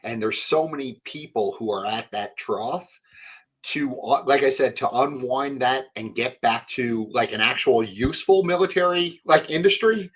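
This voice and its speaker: Man, podcast co-host, wry explainer, sarcastic, mid pitch. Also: moderate pace, breathy edge. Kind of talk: casual political chat.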